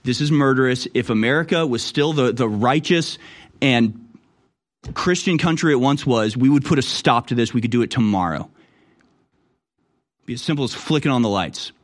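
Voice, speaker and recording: A man's voice: medium pitch, lively intonation, normal speed, long pauses. Angry-sounding guy doing news commentary, talks over clips, voice jumps up when he gets worked up. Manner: indignant, rising to sudden exclamations, plays clips and reacts. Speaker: political commentary host.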